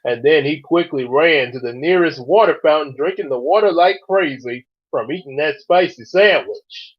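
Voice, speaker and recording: A man reads his own novel aloud, stopping for casual asides. His pitch swoops around in a lively way. The recording sounds dull and lo-fi. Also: moderate pace. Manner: animated, laughs often, quiet asides.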